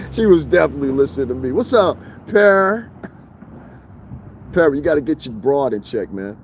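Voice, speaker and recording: A man talks to his livestream viewers from beside a street, mocking and confrontational, laughing often. His pitch swings widely as he rants, with a faint outdoor hum behind him. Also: big pitch swings, measured pace, long pauses. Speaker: livestreaming vlogger. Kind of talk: casual livestream rant to viewers.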